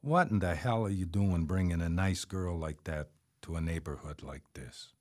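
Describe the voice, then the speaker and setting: A man voicing a blunt, scornful Italian-American mover in his early fifties, in a lower voice. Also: normal speed, darkish tone, natural voice.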